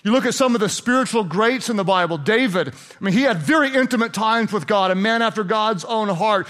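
High-voiced man preaching a casual sermon. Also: brisk, hardly any pauses, fairly bright tone. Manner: conversational, asks the congregation questions, playfully sarcastic. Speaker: pastor.

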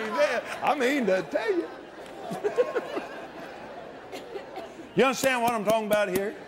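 A male preacher delivering a fervent sermon, often shouting and breaking into laughter. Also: very high voice, animated, measured pace, big-room sound, over a noisy crowd.

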